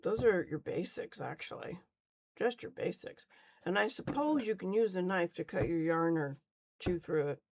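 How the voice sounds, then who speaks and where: A woman's voice: fairly low pitch, expressive, normal speed, darkish tone, muffled recording. A middle-aged woman casually teaching beginners on a live stream, chatty and rambling, often stumbling over her words. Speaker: crochet teacher.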